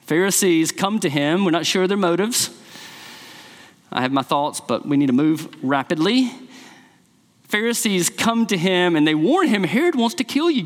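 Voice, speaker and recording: A male pastor delivering an impassioned sermon, his fairly high voice moving expressively up and down. His words carry a long reverb, as though spoken in a large church hall. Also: a bit bright. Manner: impassioned, rising to quoted speech with emphasis.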